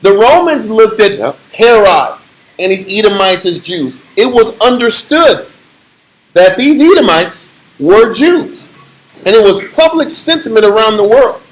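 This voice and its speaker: A man casually teaching a Bible study, talking in an animated, slangy way with a lot of laughter. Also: high-pitched, a little slow, poor audio.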